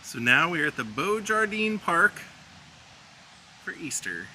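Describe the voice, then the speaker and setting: A man's voice: fairly high pitch, big pitch swings, takes it slowly, noisy background. A man giving a casual tour of film locations outdoors, chatting and laughing as he retells scenes. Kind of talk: casual vlog narration.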